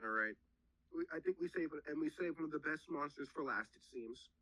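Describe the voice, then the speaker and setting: A young man with a bright, slightly high voice, recorded dry and close. He talks in halting bursts full of fillers and keeps nudging the topic forward. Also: expressive, no room sound, rough recording. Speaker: podcast co-host. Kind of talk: casual chat.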